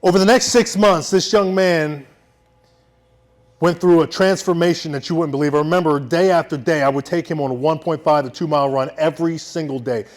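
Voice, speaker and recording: A man's voice: a little high, fairly even intonation, a little fast. Intense man telling a war-veteran story. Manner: intense, swings between shouting and hushed. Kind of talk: live personal storytelling.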